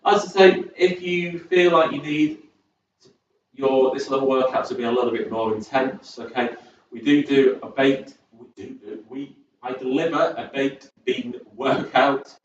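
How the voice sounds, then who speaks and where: A man's voice: mid-range voice, a little slow, recorded from a distance, a little hiss or hum. A man runs a chair-based exercise session for viewers at home, chatting loosely as he talks them through the moves. His voice comes from well back in a big echoing sports hall. The camera audio sounds dull and muffled. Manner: chatty, loose, encouraging instructor. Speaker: fitness instructor. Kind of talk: online chair exercise class. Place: community sports centre hall.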